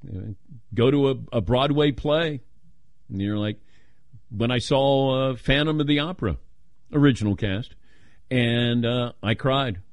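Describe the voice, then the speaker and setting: A man's voice: mid-range voice, measured pace, pauses often, no echo. An older man hosting a talk radio show, chatting casually and telling stories with playful quoted voices. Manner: animated storytelling, playful voices when quoting.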